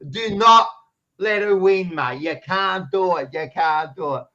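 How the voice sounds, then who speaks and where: Loud teasing Australian man, muffled sound. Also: sits high, unhurried, over a noisy crowd. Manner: loud, teasing, swears freely. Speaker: podcast co-host. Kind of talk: casual footy chat.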